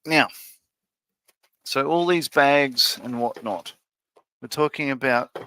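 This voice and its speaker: A man's voice: medium pitch, slow, bright, forceful tone, clear, resonant tone. A man hosting a live stream, musing aloud with many fillers and restarts as he works on a model. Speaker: livestream host building a model ship. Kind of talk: casual live-stream chat.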